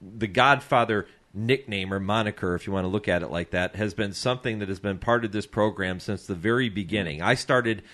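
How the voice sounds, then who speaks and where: A man hosting a radio talk show, easygoing and chatty and quick to laugh. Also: fairly low pitch, fairly bright tone.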